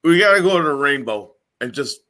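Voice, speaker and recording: A man speaking haltingly in a casual podcast chat. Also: on the high side, animated, sharp tone.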